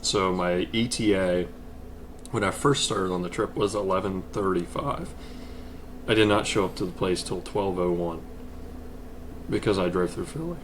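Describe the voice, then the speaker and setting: Low-voiced easygoing podcast host. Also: male voice, normal speed, long pauses, a little hiss or hum. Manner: easygoing, laughs along, long rambling stories. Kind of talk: casual podcast chat.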